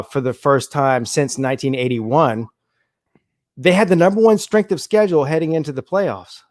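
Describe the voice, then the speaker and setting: A man co-hosting a casual sports talk show, animated and emphatic, often restarting his sentences. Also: fairly high pitch, no room sound. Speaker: show co-host.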